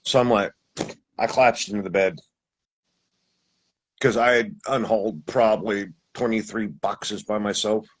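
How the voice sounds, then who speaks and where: Man, husky, lowish voice, rambling storyteller, restarts a lot. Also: fairly even intonation, a little slow, pauses often, rough recording. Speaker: guest telling his experience. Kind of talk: casual storytelling.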